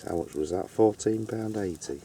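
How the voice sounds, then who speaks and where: Low gravelly man vlogging outdoors. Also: normal speed, mellow. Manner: chatty, playful, narrating cooking to camera. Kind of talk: casual camping vlog chat. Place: outdoors at a campsite.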